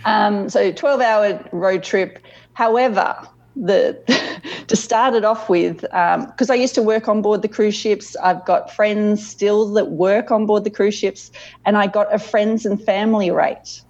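A woman's voice: mid-range voice, fairly even intonation, measured pace, darkish tone. A woman with an Australian accent chats as a podcast guest, friendly and easygoing. Her voice comes through muffled and lo-fi, like a remote call. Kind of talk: casual conversation.

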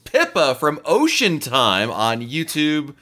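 A man hosts a podcast in relaxed, jokey conversation. His voice is bright and crisp, and his pitch swings widely as he talks. He sounds playful and quick to tease. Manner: playful, jokey, lively delivery. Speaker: podcast host. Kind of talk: casual podcast chat.

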